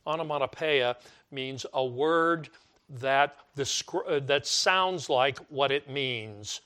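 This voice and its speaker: A man's voice: medium pitch, takes it slowly, sharp tone, smooth. An older man preaching a conversational sermon, repeating words for emphasis and mimicking complaining voices.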